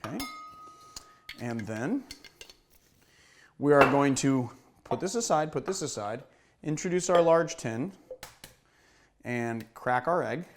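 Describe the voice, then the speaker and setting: A bartender and cocktail show host runs a casual cocktail-making lesson, his medium-pitched voice animated but slow, with frequent pauses over a noisy background. He chats easily and pokes fun at himself while mixing and shaking drinks, sounding slightly out of breath.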